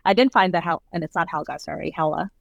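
A woman's voice: on the low side, lively intonation, quick pace, gravelly, dry recording, lo-fi sound. A woman co-hosting a casual book discussion who reads passages aloud and keeps checking in with "right?". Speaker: podcast co-host.

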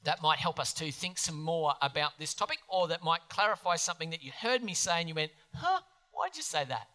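A man preaching a sermon as pastor in a church, earnest and animated, putting questions to the congregation. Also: on the high side, fairly quick. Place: church hall. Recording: long hall reverb.

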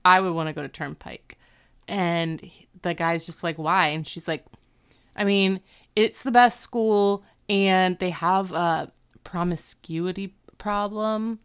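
On a casual podcast, a woman co-host recaps a TV episode in an animated way, acting out the characters' lines. Her voice is lowish and clean, and she speaks unhurriedly.

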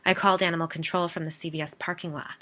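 A woman's voice: lowish voice, level tone, fast, a bit bright, lightly acted. A woman reading the part of a wife earnestly recounting a frightening event in a spoken story.

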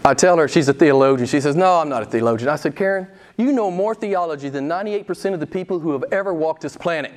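Guy preaching a sermon, kinda high voice, punchy rhetorical questions, loud then soft. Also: fast talker, few pauses. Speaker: pastor.

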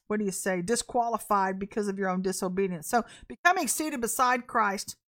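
A woman giving a casual podcast sermon, telling stories with laughter and acting out quoted voices. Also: mid-range voice. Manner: animated storytelling with laughter and acted quotes. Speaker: podcast preacher.

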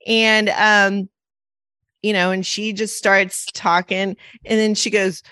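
A woman's voice: mid-range voice, flat delivery, moderate pace, sharp tone, no echo, studio quality. A woman hosting a podcast, telling a long anecdote in a rambling, casual way with frequent fillers and acted-out voices. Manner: rambling, many "like" and "right?" fillers; acts out quoted voices. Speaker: podcast host. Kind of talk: casual chat, anecdotal storytelling.

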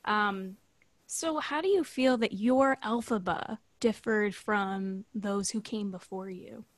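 A woman's voice: mid-range voice, takes it slowly, no room sound. A woman hosting an interview, an actor herself, speaking in a reflective, encouraging way. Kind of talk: interview conversation.

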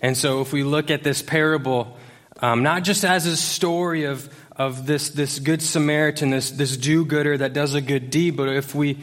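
A man's voice: a little high, fairly even intonation, moderate pace. A man preaching as youth pastor to a church congregation, talking in a casual, joking way with lots of fillers and restarts. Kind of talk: conversational sermon. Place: church service before a congregation.

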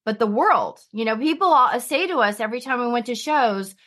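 A woman talking casually as a guest in an interview, chatty and quick to jump in. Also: a little high, animated, a bit bright. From United States. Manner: chatty, finishes others' sentences.

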